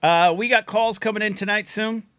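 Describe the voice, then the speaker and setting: A middle-aged man hosting a live call-in stream, chatting loosely and reading out chat names, his throat a little scratchy from shouting. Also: sits high, fairly even intonation, clear, resonant tone, dry recording. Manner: chatty, quick asides, reads out chat names. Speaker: livestream call-in show host. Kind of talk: casual rambling live-stream talk.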